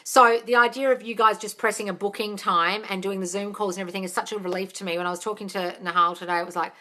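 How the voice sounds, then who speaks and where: A woman hosting a casual live Q&A as a manifestation coach, chatty and animated, swearing freely and laughing often. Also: medium pitch, fast, few pauses. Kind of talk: casual live-stream chat.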